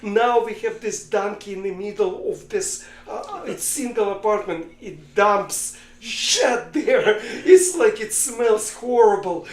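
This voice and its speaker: A man voicing a desperate poor father with a big family, pleading and shouting in disbelief. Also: high-pitched, slow, roomy sound.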